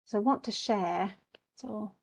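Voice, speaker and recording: A woman's voice: medium pitch, unhurried, vocal fry, darkish tone. A woman teaching a live online class, chatty, explaining with asides and voicing what students might think, on a computer mic.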